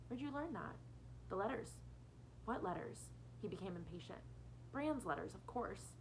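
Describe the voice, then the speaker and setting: A woman's voice: mid-range voice, lively intonation, normal speed, slight background noise, rough recording. A woman teacher reading a novel aloud to her students, changing her voice for each character.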